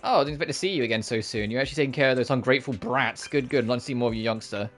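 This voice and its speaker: A man voicing a gruff older male gang boss who praises a capable youngster, reading game dialogue aloud. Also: mid-range voice, rapid-fire, fairly bright tone, soft background music, lightly acted.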